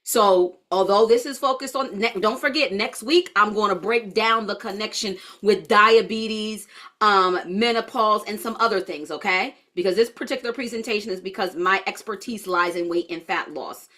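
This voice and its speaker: A woman's voice: mid-range voice, normal speed, pushed and bright. A woman leading a live-streamed holistic health class, chatty and blunt, answering viewer comments as she goes.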